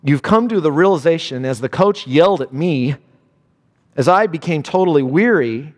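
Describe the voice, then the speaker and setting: A man preaching a sermon with impassioned delivery, dropping low and quiet then rising to high exclamations. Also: lively intonation, normal speed, in a large hall. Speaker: pastor.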